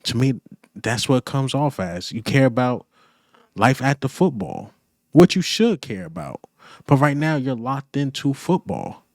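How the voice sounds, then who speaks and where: A man's voice: medium pitch, big pitch swings, a little slow, a little mellow, no room sound, studio quality. A man hosting a fan channel, giving blunt, repetitive opinion commentary that builds to emphatic points.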